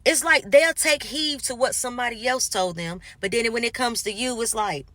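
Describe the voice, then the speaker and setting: A woman's voice: fairly high pitch, normal speed, dry recording. A woman vlogger in a casual motivational monologue, speaking emphatically and acting out what other people say. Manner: emphatic, acts out quoted people in animated asides.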